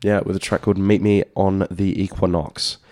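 Laid-back low-voiced male radio host. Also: level tone, moderate pace, darkish tone, no room sound. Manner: chatty, laid-back, slangy. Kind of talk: casual radio chat.

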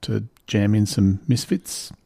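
Low-voiced, laid-back man co-hosting radio. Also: steady tone, slow pace, vocal fry, dark tone, no echo, studio quality. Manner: laid-back, agreeable, with short backchannel replies. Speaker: community radio co-host. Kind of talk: casual radio chat. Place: radio studio.

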